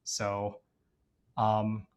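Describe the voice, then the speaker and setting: A man's voice: lowish voice, completely flat delivery, drawn-out words, clean tone, muffled recording. A young man raised in Dubai, guest on a casual podcast interview, talking in a hesitant, reflective way full of fillers. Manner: hesitant, reflective, heavy use of "like" and "you know".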